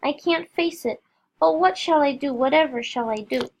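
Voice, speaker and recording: A woman's voice: high voice, moderate pace. A woman voicing a timid, frightened young woman who pleads in a trembling voice in a storybook reading.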